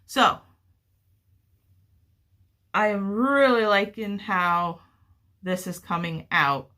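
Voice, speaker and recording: A woman's voice: mid-range voice, lively intonation, drawn-out words, sharp tone. A woman hosting a crochet-along video, talking casually and gushing cheerfully about her project and her mother's blanket. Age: adult with children. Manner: chatty, gushing and upbeat. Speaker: crochet vlogger.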